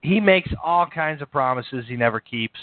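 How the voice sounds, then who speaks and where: A man hosts a live stream, talking casually and dismissively with plenty of swearing. His voice sits a little high. It comes through dry and tinny, like a phone line. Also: lively intonation, normal speed, no room sound. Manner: blunt, profane, dismissive. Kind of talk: casual reaction commentary.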